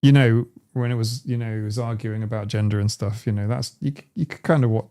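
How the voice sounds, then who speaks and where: A man's voice: fairly low pitch, fairly even intonation, a little fast, mellow. A man hosting a live stream, chatting casually in a rambling, digressive way. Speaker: streamer host.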